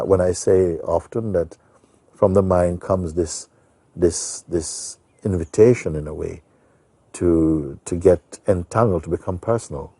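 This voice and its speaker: A spiritual teacher recounts a story from his past, his deep voice dark and mellow with a gravelly, husky grain. He talks unhurriedly and anecdotally, leaning on "you know" and easy asides, in a dry, close recording. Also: no echo.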